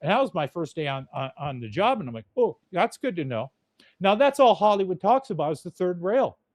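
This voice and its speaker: A man's voice: sits high, very animated, fast talker, a little mellow, dry recording. Blunt, profane man ranting. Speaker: podcast host. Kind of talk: casual rant.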